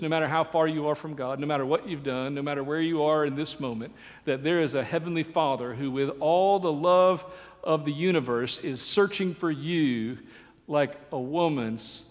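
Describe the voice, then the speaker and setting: A man preaching a sermon as pastor, earnest and building to fervent emphasis, recorded in a reverberant church. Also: a little high. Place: church sanctuary.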